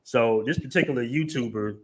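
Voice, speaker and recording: A man's voice: mid-range voice, brisk, darkish tone, slightly rough. A man hosting a live show, chatting casually in a loose, rambling, emphatic way. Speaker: host.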